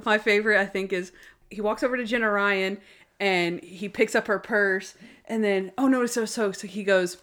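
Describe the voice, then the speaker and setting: A woman in casual chat, excitedly retelling a favorite TV episode and acting out its lines with frequent laughter. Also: mid-range voice, moderate pace. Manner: animated, laughing storyteller acting out quotes.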